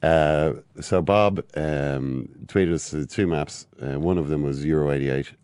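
A man from Ireland giving football opinions on a podcast, halting with many "uh"s and a dry wit. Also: rumbling low, darkish tone, smooth, dry recording. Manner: hesitant, full of "uh" and "um", dry wit. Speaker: football pundit. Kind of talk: casual football chat.

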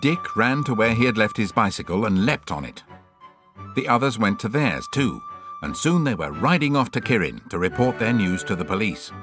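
A man narrating a children's adventure story in an expressive way. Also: lowish voice, moderate pace, over music. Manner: lively, expressive.

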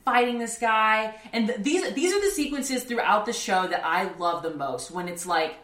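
A woman co-hosts a podcast, chatting casually about an anime and rambling with lots of restarts and laughter. Her fairly high, fairly bright voice has lively intonation at a normal speed, and the recording has a roomy echo.

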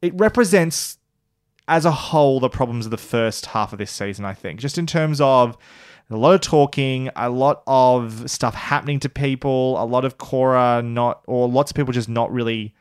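A man co-hosting a podcast, reviewing an animated series in casual, rambling chat with frequent restarts. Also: medium pitch, moderate pace, clear, resonant tone. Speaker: podcast co-host.

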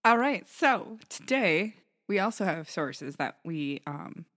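A woman co-hosting a podcast, explaining things in a brisk, organized way during casual chat. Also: lowish voice, lively intonation, a bit bright. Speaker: podcast co-host.

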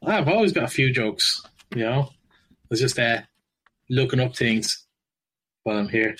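A man's voice: mid-range voice, expressive, a little slow, a bit bright, poor audio. A man telling jokes on a podcast, laughing at his own punchlines. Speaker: podcast co-host. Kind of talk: casual joke telling.

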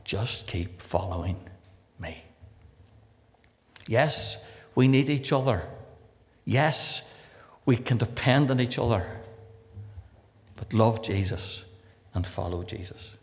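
A man's voice: medium pitch, slow pace, pauses often, in a large hall. An older man with a Northern Irish accent preaching a sermon, reading scripture aloud with rising emphasis and dropping in dry, humorous asides.

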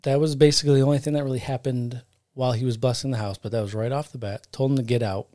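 Talking very fast in a warm, mid-range voice with fairly even intonation, this podcast co-host rambles through a story, fixing his own slips and joking. The studio podcast mic gives clean, echo-free sound.

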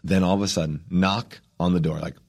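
A man with a fairly low voice tells a story on a podcast. He narrates animatedly and slips into quoted voices. His sentences come in fast bursts with restarts. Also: steady tone, vocal fry, darkish tone, a little hiss or hum. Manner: acts out quotes, rapid restarts. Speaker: guest.

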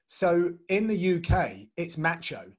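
Rambling male host, higher voice. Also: big pitch swings, takes it slowly. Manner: rambling, restarts sentences, laughs easily. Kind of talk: casual chat.

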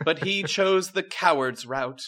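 A brash, rebellious teenage princess, as a man puts her on in a storytelling comedy, pitched high above his normal voice and loud. She proclaims grand decrees in a pompous, mock-regal manner, bright and forceful. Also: unhurried. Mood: mock mourning. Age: 14 (figure). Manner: pompous decrees, crude outbursts.

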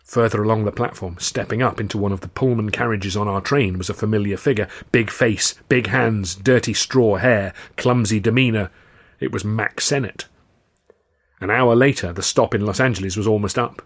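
A man, the author, reading his novel aloud in measured, dry first-person narration. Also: on the low side.

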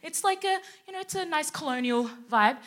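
Lively high-voiced woman doing stand-up. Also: a little fast. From Sudan, raised in Australia. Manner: animated, swearing, acting out quotes. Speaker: co-host. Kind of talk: stand-up comedy set. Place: live show on a stage.

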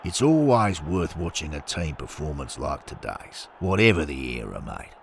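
A man voicing an easygoing, steady male football supporter who talks in a reassuring, matey way. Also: extremely low pitch, moderate pace, creaky, in a large hall, slight background noise, heavily acted.

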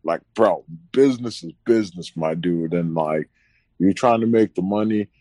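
Deep dark-voiced man, slangy chat. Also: moderate pace, no room sound. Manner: loose slangy, keeps saying bro. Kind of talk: casual chat, storytelling.

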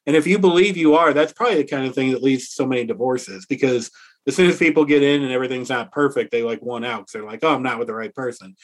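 Middle-aged man, interview guest, candid storytelling, reflective, earnest, medium-pitched voice. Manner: reflective and earnest, slows to stress key words.

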